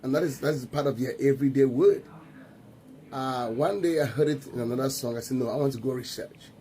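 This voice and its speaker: A man with a Nigerian accent, talking excitedly to camera about words he has noticed. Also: mid-range voice, fairly quick, rough recording. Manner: excited, animated storytelling. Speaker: commentator. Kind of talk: casual commentary to camera.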